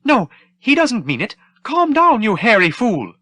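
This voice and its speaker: C-3PO, a shrill panicky robot. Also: male voice, huge pitch swings, unhurried, pushed and bright, no room sound, full character voice. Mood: frantic. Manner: shrill, frantic whining. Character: fussy panicky male golden robot.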